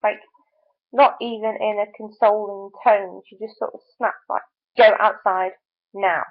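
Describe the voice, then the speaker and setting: A woman's voice: medium pitch, level tone, normal speed. A young woman vlogger venting her frustration in a casual video diary, full of fillers. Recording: tinny phone-like audio.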